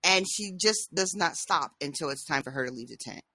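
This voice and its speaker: A woman's voice: deep voice, expressive, fairly quick, pushed and bright, slightly rough, no echo, clean studio sound. A woman co-hosting a podcast, chatting casually about a book, laughing often and swearing freely. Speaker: podcast co-host.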